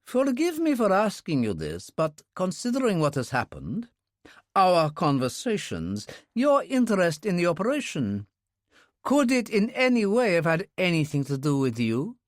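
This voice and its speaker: A man's voice: high voice, wildly swooping pitch, normal speed, dry recording, studio quality, voice pushed up. A man reading an audiobook, voicing an anxious, apologetic friend in a raised, pleading tone. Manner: pleading, agitated.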